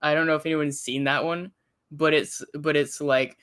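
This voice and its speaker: A streamer co-hosting a reaction show, telling stories in an animated, laughing way. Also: mid-range voice, normal speed, smooth. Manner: animated storytelling, laughs often, retells others in quotes. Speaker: co-host and streamer. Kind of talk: casual chat.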